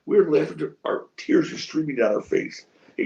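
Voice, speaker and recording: In a muffled recording, a middle-aged man with a fairly high, fry-tinged voice recounts tales at a moderate pace. He's a wrestling promoter in a shoot interview, lively as he acts out quotes and swears liberally.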